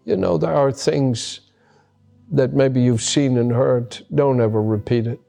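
A male pastor preaches in an earnest, emphatic way, and his voice has a gravelly edge. He sits at an ordinary middle pitch and hammers home points by saying them twice. Soft music plays low behind him. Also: measured pace. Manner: earnest, emphatic, repeats key words. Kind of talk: sermon with personal story.

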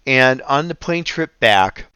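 A man hosting a radio ministry show, teaching and reading scripture in an earnest, unhurried way. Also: mid-range voice, expressive, sharp tone, clear, resonant tone, dry recording. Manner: slow, earnest, reads scripture aloud.

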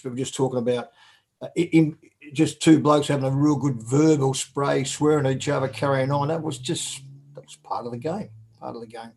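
A former footballer from Australia tells stories casually as an interview guest, blunt, crude and quick to laugh. His medium-pitched voice is a little mellow with a breathy edge.

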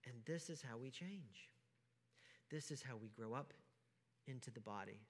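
A man preaching a sermon as pastor, emphatic, asking rhetorical questions and swinging from hushed to loud. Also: mid-range voice, animated, moderate pace. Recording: long hall reverb.

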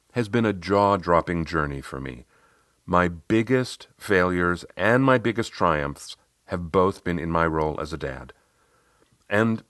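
A man who is a coach and podcast host, telling a client story in measured, scripted narration on a close mic. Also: low voice, fairly bright tone, no echo. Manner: measured storytelling, reads dialogue aloud.

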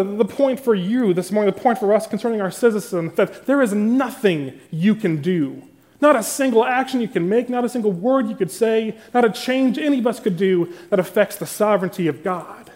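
Guy preaching a sermon, kinda high voice, reads the bible passage then gets emphatic. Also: darkish tone. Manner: emphatic, building intensity. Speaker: pastor. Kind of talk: sermon with scripture reading.

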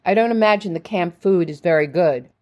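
A woman's voice: on the low side, fairly quick, muffled recording, close to an everyday voice. A woman reading the lines of a jovial, doting father visiting his daughters, in her own voice. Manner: jovial, coaxing.

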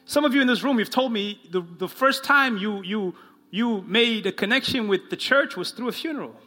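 A man preaching a sermon as pastor to his congregation, slowing down and dropping his voice low for the quoted lines. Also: lively intonation, sharp tone. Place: church in front of a congregation.

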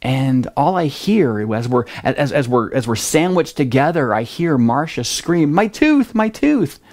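Middle-aged male pastor, casual storytelling sermon, medium voice, gets animated in the tense bits. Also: medium pitch, measured pace. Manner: conversational storytelling, lively at dramatic moments.

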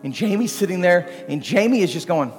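Male pastor, higher voice, animated sermon delivery, long hall reverb, faint music behind. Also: a little fast. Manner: animated, shifting from quiet to shouting. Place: church sanctuary.

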